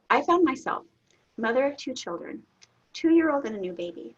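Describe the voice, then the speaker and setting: A middle-aged woman, a guest in an interview, telling a personal story candidly, laughing often and getting suddenly loud. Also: medium pitch, husky. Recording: dull lo-fi audio.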